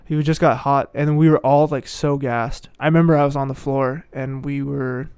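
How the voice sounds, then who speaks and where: A young man telling a sports story on a podcast in a casual, animated way, laughing often and acting out what people said. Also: medium pitch, normal speed, clean tone, dry recording, studio quality.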